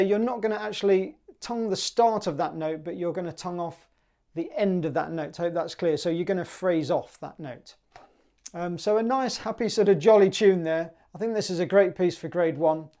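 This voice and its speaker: A man with a British accent teaching a clarinet piece in a relaxed, chatty way, sometimes singing the rhythms in syllables. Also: high-pitched. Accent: British English. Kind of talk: relaxed music tutorial.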